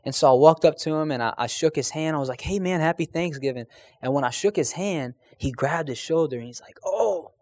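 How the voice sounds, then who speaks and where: A man's voice: on the high side, fast talker, few pauses, a little mellow. A man telling a personal faith testimony in an earnest, conversational way, speaking straight to his listeners.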